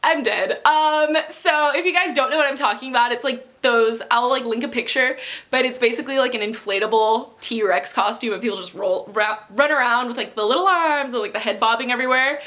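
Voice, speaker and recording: Bright chatty young woman vlogger. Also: a little high, fairly quick. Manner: chatty, giggly, lots of fillers. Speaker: book vlogger. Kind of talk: casual vlog chat.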